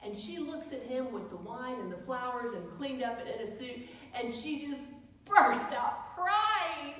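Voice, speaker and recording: A woman pastor speaks at normal speed in a fairly high voice, preaching through stories and questions aimed at her listeners. The sanctuary sounds echoey and far away, with a little background noise.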